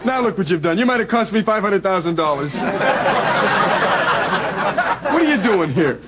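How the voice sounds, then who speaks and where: A grumpy, exasperated husband. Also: male voice, high-pitched, sing-song, moderate pace, over a noisy crowd, heavy background noise. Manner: gruff, exasperated grumbling. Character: grumpy, put-upon sitcom husband. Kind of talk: sitcom acting. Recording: loud studio audience laughter.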